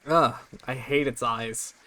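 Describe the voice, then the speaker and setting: Excitable profane young man gaming. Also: medium pitch, slow pace. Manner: excitable, profane, laughs a lot. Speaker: streamer playing a video game. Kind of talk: casual gameplay chat.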